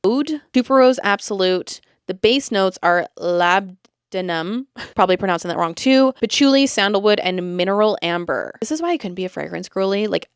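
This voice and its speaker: A woman's voice: mid-range voice, clean tone, dry recording, clean studio sound. A woman hosting a beauty podcast, chatting casually with lots of "like". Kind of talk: casual chat.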